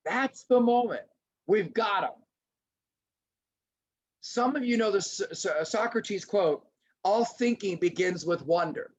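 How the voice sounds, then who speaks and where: A middle-aged man presenting a lively webinar lecture to teachers, acting out little scenes as he goes. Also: high voice, slow pace, pauses often. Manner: animated, acts out little scenes in voices. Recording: dull lo-fi webinar audio.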